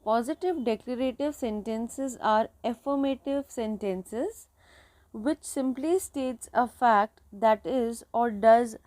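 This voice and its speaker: A woman's voice: fairly high pitch, darkish tone, no room sound. Indian woman teaching grammar, dry sound. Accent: Indian English. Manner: explanatory, repeats phrases with fillers. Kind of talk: recorded grammar lecture.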